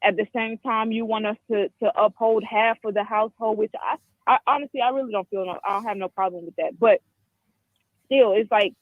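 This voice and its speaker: Caller, woman, 20s, from the Caribbean; frank, halting, lots of restarts; dry phone audio. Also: mid-range voice, steady tone, no echo. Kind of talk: call-in commentary. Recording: tinny dry phone line.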